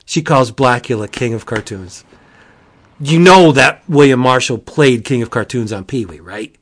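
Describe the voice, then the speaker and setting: Man, comic reviewer, casual chat, gushing and excitable, mid-range voice. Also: normal speed. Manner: gushing, excitable, jumps to high exclamations.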